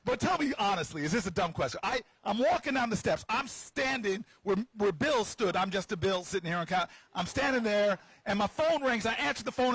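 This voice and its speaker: Husky animated man telling a story. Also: very high voice, poor audio. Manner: animated storyteller, playful asides to the crowd. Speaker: senator. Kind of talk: storytelling at an outdoor rally. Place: outdoors on building steps.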